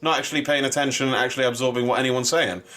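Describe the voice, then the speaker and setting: A man co-hosting a podcast in casual chat, ranting with animated, sweary exasperation. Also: medium pitch, racing. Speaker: podcast co-host.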